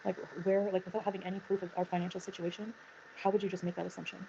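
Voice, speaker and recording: A woman with a lowish, creaky voice talks very fast in a flat delivery, chatting casually as a guest on a livestream. She greets viewers by name, reading chat names aloud in a chatty way. It's a lo-fi recording from a home mic, with a fan humming loudly in the background.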